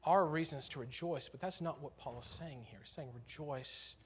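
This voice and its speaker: A man's voice: on the high side, moderate pace, slight background noise. A man preaching a sermon in church, earnest and conversational, lifting his voice on key phrases.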